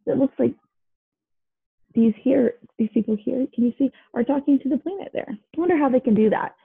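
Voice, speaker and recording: A woman's voice: high-pitched, fairly quick, vocal fry, breathy edge, narrow, tinny audio. A woman teacher reading a picture book aloud to her class, pointing things out and asking questions. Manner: guiding and questioning.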